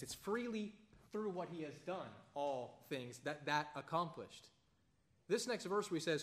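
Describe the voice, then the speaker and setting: A man teaching a casual Bible study, conversational and animated, telling everyday anecdotes between points. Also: on the high side, measured pace.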